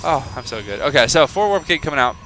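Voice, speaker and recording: A man's voice: mid-range voice, sing-song, fast, sharp tone, a little hiss or hum, low-quality recording. A man giving casual, rambling play-by-play game commentary, joking and self-deprecating as he goes. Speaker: game caster.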